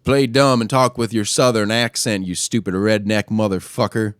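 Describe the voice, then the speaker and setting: A man hosting a podcast, ranting casually and crudely, often pushing his voice louder and higher when worked up. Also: fairly even intonation, moderate pace, clear, resonant tone, dry recording. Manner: profane, crude trolling rant. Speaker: podcast host. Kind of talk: casual solo rant.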